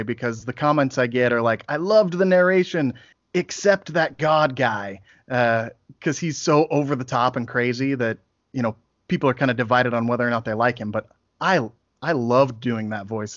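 A man's voice: mid-range voice, no echo. A man chatting upbeat as a podcast guest, an author and audiobook narrator who talks about his work. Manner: upbeat, chatty, restarts phrases. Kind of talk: casual podcast chat. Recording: dry muffled lo-fi audio.

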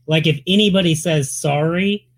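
A relaxed male podcast host asks questions with plenty of fillers and small hesitations. His voice sits at a middle pitch, and the recording is dry, with almost no room sound. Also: normal speed, no echo. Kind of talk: casual interview chat.

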